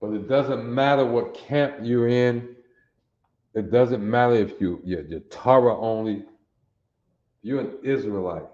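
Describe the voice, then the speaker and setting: A man's voice: medium pitch, unhurried, a little mellow, echoey room, dull audio. A man in his sixties teaching a language class over a livestream, folksy and talking straight to viewers, often asking if they see it. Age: 60s. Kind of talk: livestream lesson.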